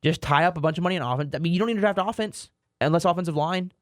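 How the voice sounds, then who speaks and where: A man's voice: a little high, very fast, dry recording, clean studio sound. A man co-hosting a sports podcast in casual chat, rambling and repeating words, with self-mocking asides. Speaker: podcast co-host.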